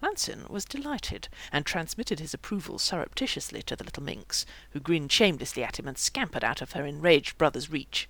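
An audiobook narrator reading with a lively, swinging delivery and a noticeable gravelly edge. The sound is close and dry, with no room around it. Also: mid-range voice, fairly quick, few pauses, dry recording.

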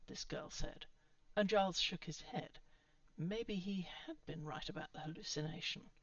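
A woman's voice: low-pitched, normal speed, dry recording. Woman narrating a story, muffled and far. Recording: dull lo-fi sound from off mic.

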